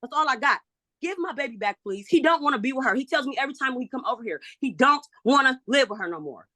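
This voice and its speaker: A frustrated woman pleads her case in a court hearing, calling in over video from her home. Her voice sits a little high and cuts bright and sharp. The sound is close and dry. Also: expressive, quick pace, dry recording. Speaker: mother in a guardianship hearing. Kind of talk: emotional court testimony.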